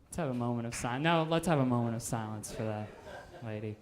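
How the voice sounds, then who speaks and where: A man in his twenties doing a stand-up set, with an offhand, deadpan delivery full of "um"s. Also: mid-range voice, quick pace, a little hiss or hum. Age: 20s. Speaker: stand-up comedian. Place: live comedy stage.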